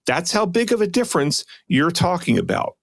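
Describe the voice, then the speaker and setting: Middle-aged male podcast co-host, gravelly voice, lively swinging delivery, dry close mic. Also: sits high, moderate pace, dry recording. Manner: animated, breaks into mocking impressions. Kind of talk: casual chat.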